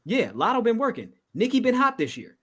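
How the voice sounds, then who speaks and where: A man co-hosting a podcast, chatting casually in laid-back slang with quick laughs. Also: extremely high pitch, wildly swooping pitch, bright, forceful tone, slightly rough. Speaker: podcast co-host. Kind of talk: casual chat.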